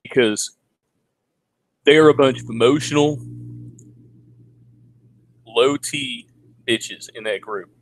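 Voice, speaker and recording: A man in his forties ranting in a casual livestream, crude and sarcastic, now and then mocking people in a high put-on voice. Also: takes it slowly, pauses often, no room sound, poor audio. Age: 40s. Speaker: vlogger. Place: home in the Philippines.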